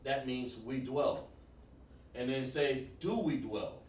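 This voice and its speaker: Relaxed male teacher in an echoey room. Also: medium pitch, takes it slowly, a little hiss or hum. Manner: relaxed, folksy, repeats himself and addresses students directly. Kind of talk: casual classroom lesson streamed online. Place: room with a whiteboard. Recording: echoey room, speaker far from mic.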